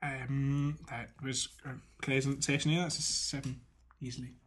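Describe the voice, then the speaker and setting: A man's voice: medium pitch, flat delivery, normal speed. A man co-hosting a casual beer-tasting chat, laid-back and playful. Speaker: podcast co-host.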